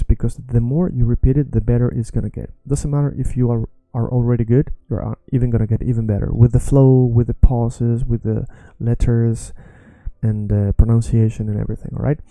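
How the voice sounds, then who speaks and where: A man's voice: medium pitch, mellow, no echo. Patient man teaching phrases. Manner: patient, repeats phrases slowly. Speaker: language teacher. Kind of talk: bilingual language lesson.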